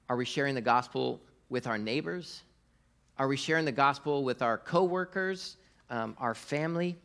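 A man's voice: fairly high pitch, a bit bright. A middle-aged man giving a conversational sermon as pastor, speaking casually to the congregation with fillers and prompts to the audience.

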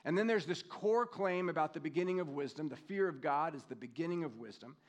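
A man in his fifties delivers a sermon with a somewhat higher-than-usual voice. He talks in a relaxed, conversational way, drawing out scripture readings slowly and reflecting on personal memories. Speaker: pastor.

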